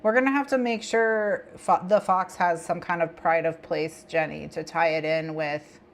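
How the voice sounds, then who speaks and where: A woman hosting a casual co-working livestream, talking in a rambling, chatty way with bursts of excitement. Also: on the low side, moderate pace. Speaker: livestream host. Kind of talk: casual co-working stream chat.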